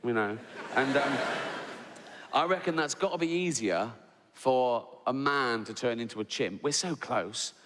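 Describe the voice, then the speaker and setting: A man's voice: mid-range voice, a little slow. Cheeky stand-up man. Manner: rambling, self-interrupting, cheeky. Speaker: stand-up comedian. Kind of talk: stand-up comedy routine. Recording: live theatre stage, big hall, loud background.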